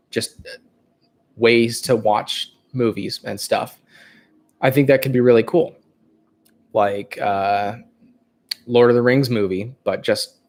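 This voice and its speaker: A man's voice: mid-range voice, a little mellow. A man with a Californian accent hosting a casual livestream, thinking aloud and rambling with fillers. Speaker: livestream host.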